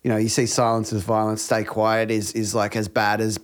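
A man's voice: on the low side, monotone, a little fast. A man in casual podcast chat, agreeing readily and chiming in with short assents between his own points.

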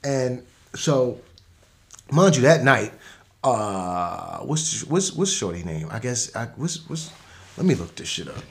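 A man's voice: medium pitch, sing-song, slow pace, creaky. A man hosting a podcast, recapping a movie in casual slang, rambling with frequent restarts and laughs. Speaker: podcast host.

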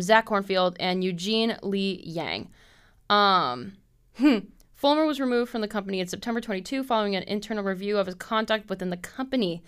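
A young woman in her twenties hosting a casual solo podcast from her apartment, telling stories in an animated way, acting out quoted people in a higher voice and swearing freely. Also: clear, resonant tone. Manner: animated storytelling, acts out quotes in a high voice, swears. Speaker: podcast host.

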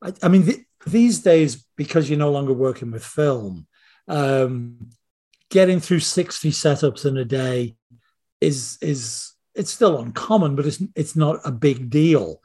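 A man's voice: a little high, unhurried, dark tone, breathy edge. Rambling man telling anecdotes. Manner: rambling, anecdotal, self-interrupting. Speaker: screenwriter guest. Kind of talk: casual interview chat.

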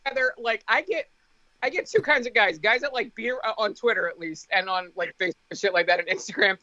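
A woman's voice: medium pitch, quick pace, sharp tone, no echo, dull audio. A young woman co-hosting a casual podcast, blunt and sweary, laughing often. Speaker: podcast co-host.

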